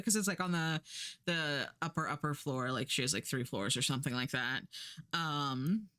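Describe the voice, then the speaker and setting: A young American woman streams and chats casually, telling a rambling story full of fillers and self-corrections and doing voices for the people she quotes. Her voice is low and a bit bright with a clean tone, and she talks at a moderate pace.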